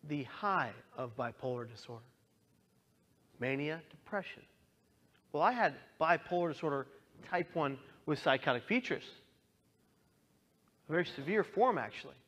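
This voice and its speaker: A young man earnestly telling his own story as a talk, moving from quiet to impassioned. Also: a little high, expressive, moderate pace, pauses often. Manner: earnest, swings from hushed to impassioned. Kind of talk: personal testimony talk.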